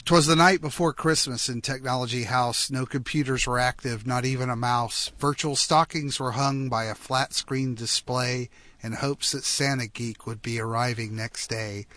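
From a studio, a radio call-in host with a crisp, bright, mid-range voice reads a comic holiday poem that rhymes. His rhythm is steady and measured, and the sound is close and dry with no echo or room around it.

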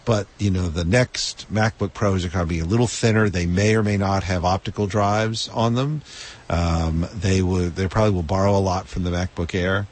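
A man's voice: low voice, fairly even intonation, moderate pace. A man co-hosting a radio tech show, giving listeners offhand buying advice.

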